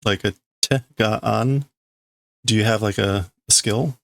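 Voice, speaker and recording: A man's voice: on the low side, measured pace, gravelly, a bit bright, dry recording. A man streaming himself as he reads a comic and works out the translation aloud, hesitant and full of fillers. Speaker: streamer learning Japanese. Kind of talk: casual reading and translating aloud.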